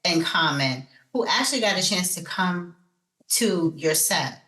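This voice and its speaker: Low-voiced woman co-host in an echoey room. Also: expressive, unhurried, bright, forceful tone. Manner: engaged, asks heartfelt questions. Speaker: podcast co-host. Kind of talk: casual interview conversation.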